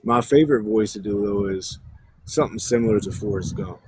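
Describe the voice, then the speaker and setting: A man's voice: fairly low pitch, fairly quick, a little mellow, slightly rough, rough recording. A young man chatting casually and bluntly with his viewers on a livestream, rambling and swearing freely.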